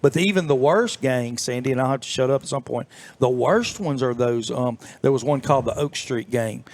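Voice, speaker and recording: A man's voice: medium pitch, fairly quick. A middle-aged man, telling rambling, folksy stories as an interview guest. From southern United States. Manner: folksy, rambling, many fillers and restarts. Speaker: interview guest, former FBI agent. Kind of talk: storytelling in a casual interview.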